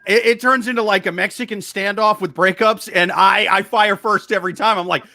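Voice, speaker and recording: A man's voice: high voice, fairly even intonation, fairly quick, bright, forceful tone, dry recording. A man co-hosting a podcast in casual chat, joking and blunt, often repeating his words. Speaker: podcast co-host.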